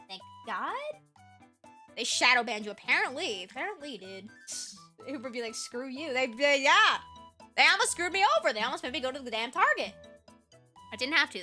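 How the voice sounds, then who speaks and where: A young woman streamer telling a trip story in casual live-stream chat, animated and swearing freely. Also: sits high.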